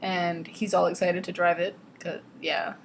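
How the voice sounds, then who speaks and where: A young woman vlogger reading a novel aloud and ranting about it, sarcastic and exasperated, swearing freely and squeaking high when she mocks lines. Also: level tone, a little slow, vocal fry, slight background noise. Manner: jumps to squeaky high pitch when mocking quotes. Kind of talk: casual ranting book commentary.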